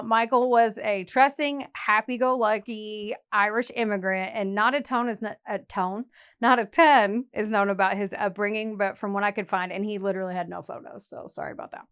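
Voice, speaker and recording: A woman's voice: medium pitch, fairly even intonation, moderate pace, fairly bright tone, clear, resonant tone. A young woman co-hosting a podcast, telling a true crime story in casual chat, laughing often and slipping into playful voices.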